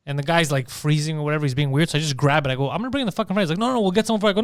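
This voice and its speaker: Fast-talking man telling a story. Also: a little high, dry recording, studio quality. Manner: animated storyteller, swearing, acting out his own angry outbursts. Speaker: podcast co-host. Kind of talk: casual comedy podcast chat.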